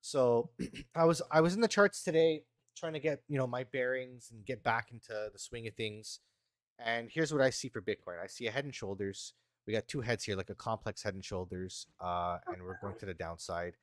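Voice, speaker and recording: A man's voice: mid-range voice, no room sound, clean studio sound. Laid-back man talking crypto charts. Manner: laid-back, halting, uses fillers. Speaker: podcast co-host, market analyst. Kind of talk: casual market commentary.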